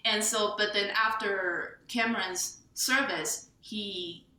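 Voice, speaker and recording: Woman from Taiwan, bright echoey voice. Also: mid-range voice, slow pace. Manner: animated, laughing, tags lines with "right?". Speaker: memoir author, guest. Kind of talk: storytelling in an interview.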